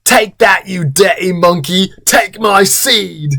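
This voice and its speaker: A man voicing a domineering, lustful man who taunts and shouts orders in a comedic read-aloud of fan fiction. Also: fairly high pitch, fairly even intonation, takes it slowly, clear, resonant tone, faint music behind. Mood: shouting.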